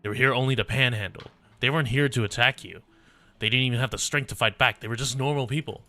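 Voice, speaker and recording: A man voicing a stern young infected woman who accuses villagers in a measured, cold way, read aloud from a game story. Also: medium pitch, pushed and bright, close to an everyday voice. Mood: accusing.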